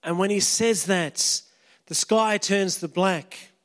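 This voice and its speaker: A man with a very high-pitched voice preaches slowly, dramatically retelling a story as he drops to a hush and then builds to shouts. The long reverb of a large hall surrounds his voice.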